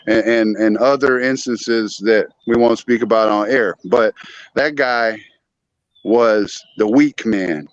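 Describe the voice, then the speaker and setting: A man's voice: fairly low pitch, slow pace, dry recording, dull audio. A man talking as a guest on a morning talk show, earnest and storytelling, acting out old arguments in his voice. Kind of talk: casual talk show chat.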